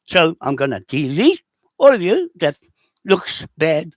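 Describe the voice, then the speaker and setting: A man, talking rough and combative on a livestream, rambling and repeating himself as he answers comments. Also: a little high, huge pitch swings, a little slow, no echo.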